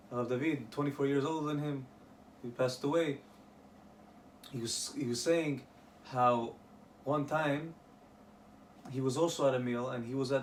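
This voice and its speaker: A man's voice: mid-range voice, slight background noise. A man telling religious stories casually and animatedly, acting out what the people in them say, heard from a distant mic. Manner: animated, acts out the characters' speech. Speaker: storyteller.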